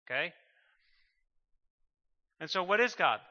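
An emphatic male preacher with a bright, cutting voice pitched a little high. He builds to fervent bursts and repeats his phrases. The recording is muffled and carries a long hall reverb. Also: a little slow, pauses often. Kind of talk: sermon.

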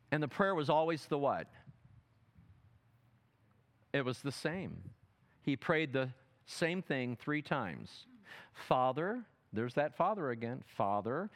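A man teaching a sermon seminar, dramatic, asking the audience questions and swinging from loud emphatic quotes to soft asides. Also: medium pitch. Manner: asks the audience fill-in questions. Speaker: preacher.

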